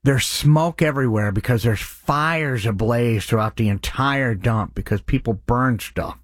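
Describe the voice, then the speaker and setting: A man's voice: mid-range voice, a little slow, no echo, clean studio sound. A man hosting a radio charity appeal, speaking in an earnest, impassioned way. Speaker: radio host.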